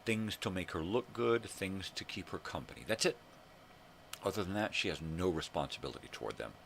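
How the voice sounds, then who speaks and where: An older man with an extremely low, gravelly voice rants to his camera, swearing freely and sounding fed up. A faint hum sits behind him. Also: expressive, fairly quick, fairly bright tone. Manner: profane, ranting, exasperated. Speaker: vlogger. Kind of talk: casual ranting monologue.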